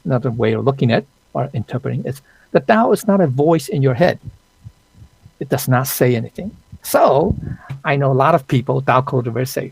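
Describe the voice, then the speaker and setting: A man's voice: medium pitch, moderate pace, creaky, slightly rough, rough recording. A man teaching an online Dao study class in a conversational lecture, often checking in with his listeners. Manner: conversational, checks in with "okay?" and "right?"; frequent restarts and fillers.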